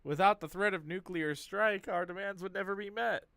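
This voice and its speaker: A man's voice: high voice, moderate pace, creaky, a bit bright, no room sound, clean studio sound, voice pushed up. A man reading the lines of a scheming male terrorist leader from a game, plainly, in his own voice. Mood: plotting. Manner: read aloud plainly with narrator tags.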